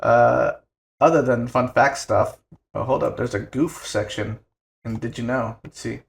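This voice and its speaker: A man's voice: mid-range voice, fairly even intonation, a little slow, vocal fry, a little hiss or hum. A young man co-hosting a film podcast, chatting loosely with lots of fillers and casual swearing. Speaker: podcast co-host.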